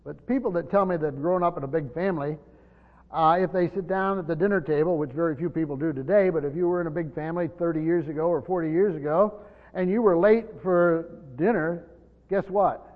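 A man's voice: on the high side, fairly quick. Man teaching scripture in an echoing hall. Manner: conversational, explanatory, often restarting phrases. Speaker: Bible teacher. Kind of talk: Bible study teaching. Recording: dull lo-fi recording in a reverberant hall.

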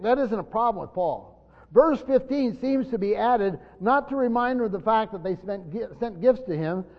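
A man teaches a Bible passage from a church pulpit, stumbling over his words and then pressing hard on the points he wants to land. His voice sits high. The recording sounds dull and muffled, with a long reverb trailing off the hall walls. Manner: stumbling restarts, emphatic rises on key points. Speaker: pastor.

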